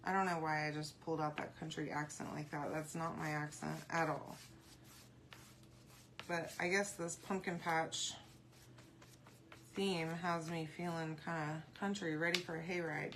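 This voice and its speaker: A woman's voice: deep voice, steady tone, a little slow, pauses often, a bit bright, a little hiss or hum. A woman hosting a casual crafting tutorial, chatting and rambling to viewers as she paints and answering their comments aloud. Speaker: craft video host.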